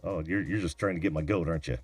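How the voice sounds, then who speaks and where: A man's voice: sits low, very fast, slightly rough, no echo, soft background music. An American man hosting a video call-in show, bantering with dry wit and laughing easily. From United States. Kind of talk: casual banter.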